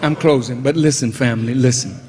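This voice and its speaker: An older man preaching a fiery sermon as a minister, rising to shouts and then dropping low. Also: fairly quick, in a large hall, over music. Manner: preaching with shouted peaks and sudden drops. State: fired up.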